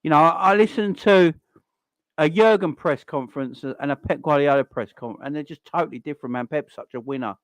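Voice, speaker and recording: A man's voice: on the high side, fairly quick, no room sound. Exasperated man ranting live. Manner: exasperated, repetitive, swears. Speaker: fan channel host. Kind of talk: live-stream football rant.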